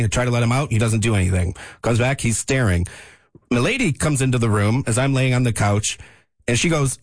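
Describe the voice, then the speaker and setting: Radio co-host, male, husky, dry studio sound, lively jokey storyteller. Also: mid-range voice, a little fast, no echo. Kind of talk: casual radio chat.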